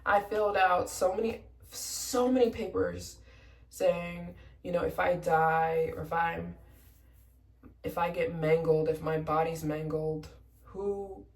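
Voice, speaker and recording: A woman's voice: on the low side, steady tone, slow, vocal fry, roomy sound, far from the mic. A young woman from the United States, a travel vlogger telling a story in a casual, emotional way, close to tears and acting out both sides of her conversations.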